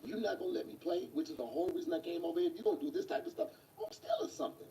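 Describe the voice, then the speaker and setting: Animated young man trash-talking on stream. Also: high voice, racing. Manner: animated, swings between shouting and mock whispers. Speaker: live streamer. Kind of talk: casual trash-talking gaming stream chat. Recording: distant mic with clear background noise.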